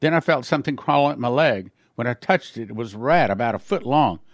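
Man, sermon testimony, earnest plain storytelling, mid-pitched voice, dry close sound. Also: lively intonation, brisk, no room sound. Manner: acts out dialogue with shifting voices. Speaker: preacher giving testimony.

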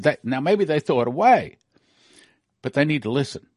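A man's voice: fairly high pitch, expressive, normal speed, a little mellow, no echo, studio quality. A middle-aged man giving emphatic news commentary with a prophetic bent, repeating and rereading his points.

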